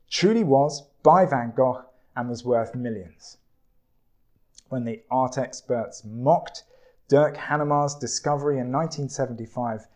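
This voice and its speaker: A man preaching a sermon, telling a story and reading scripture in a measured, deliberate way. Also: mid-range voice, darkish tone.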